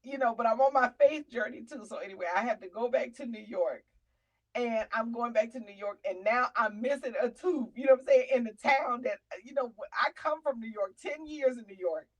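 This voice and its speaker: A woman comedian and show host telling a funny personal story, chatty and animated, calling listeners honey and slipping into faith testimony. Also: a little high, a little fast, low-quality recording. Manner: testimony-style preaching about faith.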